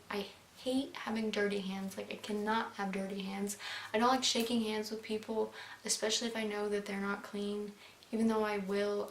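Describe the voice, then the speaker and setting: Young woman vlogger, casual and chatty, "like"-heavy delivery; echoey room, light hiss. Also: mid-range voice. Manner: chatty, bubbly, fills with "like". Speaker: beauty vlogger. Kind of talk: casual chat to camera. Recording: roomy with faint hiss.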